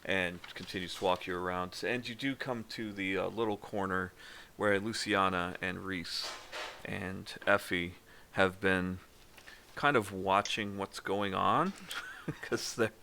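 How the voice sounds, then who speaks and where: A man's voice: low voice, steady tone, measured pace, vocal fry, sharp tone, slight background noise. A tired man narrating as game master in a casual tabletop session, rambling and laughing often.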